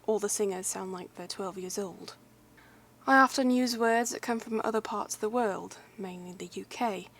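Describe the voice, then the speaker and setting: A young American woman chatting casually, then reading a list aloud in a put-on, deliberately bad English accent, rambling and giggly with lots of fillers. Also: medium pitch, vocal fry. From United States. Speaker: YouTuber.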